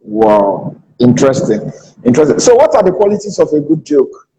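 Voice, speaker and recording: Man, interview host, short questions, lively pitch, mellow tone. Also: normal speed, poor audio. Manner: brief reactive interjections and questions.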